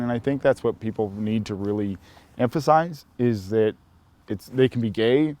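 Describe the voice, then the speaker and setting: A man from Montana casually telling a personal story in a relaxed, rambling way, full of "you know" fillers. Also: medium pitch, moderate pace. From Helena, Montana. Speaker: storyteller sharing his coming-out experience.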